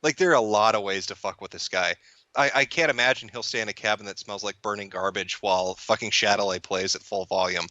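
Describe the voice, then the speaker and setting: A man's voice: fairly low pitch, fairly quick, pushed and bright, dry recording, highs cut off. A man chatting casually as a guest, rambling and profane, stumbling through restarts and often laughing mid-sentence. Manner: amused, laughs while talking. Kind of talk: casual chat.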